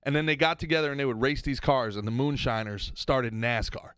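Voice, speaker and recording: A man co-hosting a comedy podcast, ranting in a casual, animated way that swings from loud outbursts to mumbled asides. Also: medium pitch, a little fast, smooth, dry recording, studio quality. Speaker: podcast co-host.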